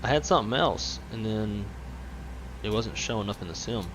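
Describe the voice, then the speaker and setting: A man's voice: on the low side, moderate pace, background noise. Profane, laughing man streaming a flight sim. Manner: loose, profane, laughs often. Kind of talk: casual gaming chat.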